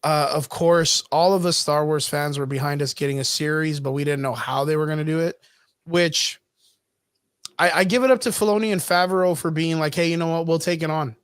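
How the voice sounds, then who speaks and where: This is a man with a high-pitched voice, talking casually as a podcast co-host. He is animated and swears freely, and the sound is dry and close. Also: moderate pace, smooth, dry recording. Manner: animated, profane, acts out scenes in put-on voices. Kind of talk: casual chat.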